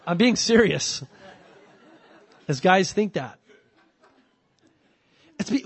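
Lively preaching man with a higher voice. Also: moderate pace, long pauses, husky. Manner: animated, acts out quoted excuses in voices. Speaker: pastor. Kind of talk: sermon.

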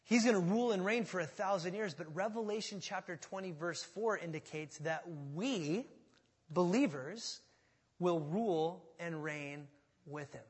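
A man's voice: high-pitched, unhurried, husky, in a large hall. A man preaching a sermon as a pastor, talking in a conversational way and often asking the congregation questions.

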